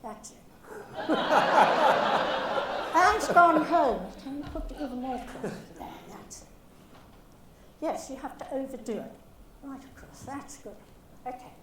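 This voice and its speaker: A woman coaching a ballet rehearsal, brisk and animated, calling the dancers darling and singing the counts. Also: high-pitched. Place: echoey dance studio. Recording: echoey room with background noise.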